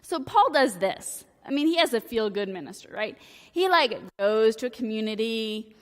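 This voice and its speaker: Lady preacher goofing around in her sermon, kinda high voice, long church echo. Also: expressive, moderate pace. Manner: casual, joking, talks in valley-girl-like "like" phrasing. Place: church sanctuary.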